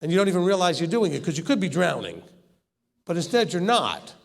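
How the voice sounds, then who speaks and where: A man's voice: sits high, sing-song, brisk, vocal fry. A man teaching scripture in a conversational way, acting out the quoted lines and often laughing. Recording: long hall reverb.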